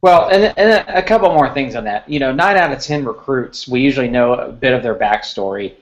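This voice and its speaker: A man's voice: medium pitch, animated, brisk. Man talking recruiting, slightly muffled. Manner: conversational, repeats words while thinking. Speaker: sports recruiting reporter. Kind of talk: casual podcast chat.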